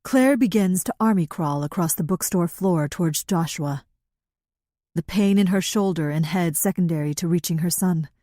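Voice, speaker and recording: Her fairly low voice carries a novel's scripted narration with steady, measured pacing. The woman is an audiobook narrator, recorded in studio quality without any echo.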